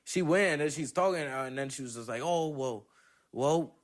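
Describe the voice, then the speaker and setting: Animated young man telling a story. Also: medium pitch, fast talker. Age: young adult. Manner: animated storyteller, swears a lot, acts out quotes. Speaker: podcast guest, comedian. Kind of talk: casual podcast storytelling.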